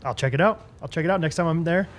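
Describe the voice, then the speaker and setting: A young man co-hosting a podcast in casual chat, laughing often and telling animated stories. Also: fairly high pitch, rapid-fire. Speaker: podcast co-host.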